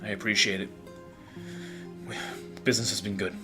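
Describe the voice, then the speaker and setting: A man voicing a grateful, obliging young male cobbler, talking quickly and a little subdued. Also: on the low side, level tone, over music, close to an everyday voice.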